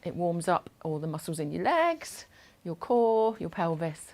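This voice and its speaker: A woman instructor leading a gentle chair exercise class over a video call, encouraging and instructive. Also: on the low side, very animated, unhurried.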